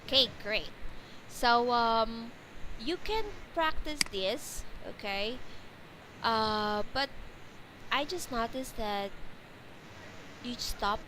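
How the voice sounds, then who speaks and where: A woman tutor with a fairly high voice leads an online English pronunciation lesson. She speaks slowly and patiently, modeling each word and correcting her student. Faint noise sits under her voice. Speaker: English teacher.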